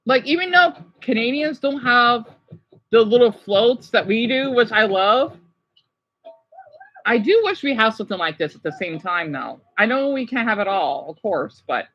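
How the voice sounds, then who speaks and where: An excitable woman from the United States hosting a casual livestream, gushing as she reacts and often apologizing. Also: a little high, moderate pace, lo-fi sound. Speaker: livestream host.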